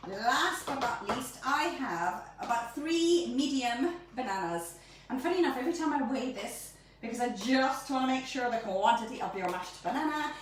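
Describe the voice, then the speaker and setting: A woman hosting her own baking show, chatting playfully through a recipe and often tripping over her words. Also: high voice. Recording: very echoey room, mic at a distance, faint noise.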